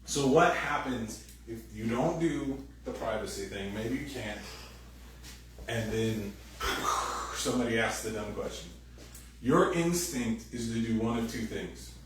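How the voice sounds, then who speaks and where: A man's voice: mid-range voice, a bit bright. A man preaching a sermon from some distance off the mic, his voice ringing around a very reverberant hall. He talks in a loose, joking way and slips into put-on voices to act out little scenes. A faint hum of room sound sits behind him. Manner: casual, joking, acts out quoted voices. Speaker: pastor. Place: church sanctuary.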